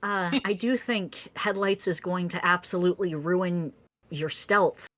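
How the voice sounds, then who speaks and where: A woman narrating her character's actions softly and hesitantly in a tabletop game. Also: lowish voice. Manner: slow, soft, hesitant. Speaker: player.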